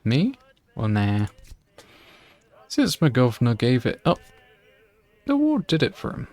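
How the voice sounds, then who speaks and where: A man's voice: mid-range voice, sing-song, moderate pace. A man voicing a young male school gardener who talks in a curt, evasive way. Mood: gruff. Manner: curt, dismissive working-class talk.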